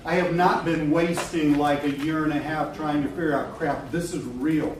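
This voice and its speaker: A middle-aged man giving a live seminar talk to an audience. He is animated and blunt, laughs often and swears casually. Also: fairly high pitch, moderate pace, few pauses, a crowd in the background. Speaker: marketing coach presenting a seminar. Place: event room with a live audience. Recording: echoey room from a distance, noisy.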